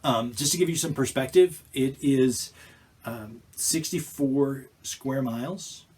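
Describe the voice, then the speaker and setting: A male pastor preaching a sermon in an animated way, acting out scenes and restarting phrases mid-sentence. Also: medium pitch, takes it slowly, slightly rough. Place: church.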